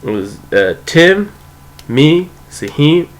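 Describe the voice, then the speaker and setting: A man's voice: a little high, very animated, slow pace, low-quality recording. A young man casually telling a rambling, profane story, full of "like" and "you know".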